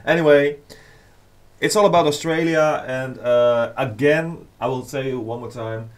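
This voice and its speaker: A man hosts a casual DJ livestream, talking slowly and unhurriedly. He rambles with plenty of fillers and reads fan comments out loud. His pitch sits at an ordinary middle level. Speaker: DJ and producer livestreaming to fans.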